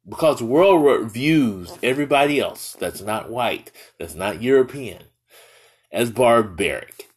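Man delivering a fervent opinion monologue, asks and answers his own questions, average pitch. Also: lively intonation, measured pace, poor audio. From United States. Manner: impassioned, rhetorical questions, repeats words when stressing.

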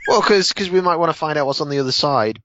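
A man's voice: on the high side, slight background noise. A man playing in a casual tabletop game, laughing often and restarting his sentences. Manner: lively, laughing, halting restarts. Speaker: player. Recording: dry, slightly muffled lo-fi audio.

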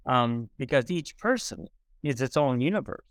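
A man's voice: medium pitch, lively intonation, moderate pace, dry recording, clean studio sound. Earnest middle-aged man telling a story. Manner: earnest storyteller, acts out quoted dialogue. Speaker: podcast guest. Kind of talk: conversational storytelling.

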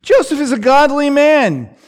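A man gives a relaxed, conversational Bible lesson. His voice sits fairly high and moves through a lively, expressive range while he speaks at an unhurried pace. He fills the gaps with casual asides and briefly takes on the voices in the passage. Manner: unhurried, lots of fillers and asides, voices scripture quotes. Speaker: Bible teacher.

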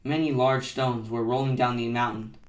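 Soft-spoken man reading a bedtime story. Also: medium pitch, steady tone, moderate pace. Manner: gentle, soft-spoken narration. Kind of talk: storybook read-aloud. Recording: echoey room, mic set far off.

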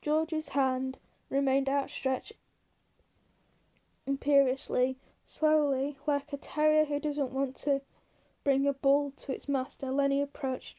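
A woman's voice: high-pitched, warm tone, dull audio. A woman reading a novel aloud in an unpolished way, with occasional stumbles and restarts. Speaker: reader.

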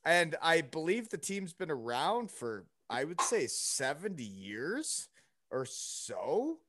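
A man's voice: on the high side, big pitch swings, slow pace, a bit bright, slight background noise. A young man telling a story in casual chat, rambling with lots of fillers and asides. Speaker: podcast guest.

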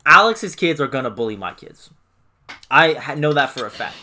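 Man, casual co-host, quick reactive quips. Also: mid-range voice, animated, bright, forceful tone. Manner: reactive, joking asides. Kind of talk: casual chat.

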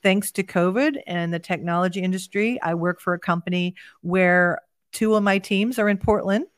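A woman's voice: lowish voice, moderate pace, no echo. A middle-aged woman hosting a podcast, chatting casually and rambling with many restarts. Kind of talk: casual chat.

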